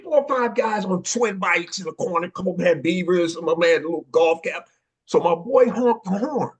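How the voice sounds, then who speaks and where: A man, excitedly telling stories on a panel and acting out the voices of the people in them. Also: high-pitched, husky. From Oakland, California. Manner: excitable, acts out quoted voices, street slang. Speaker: panel guest, dance pioneer. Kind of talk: animated storytelling in a panel conversation.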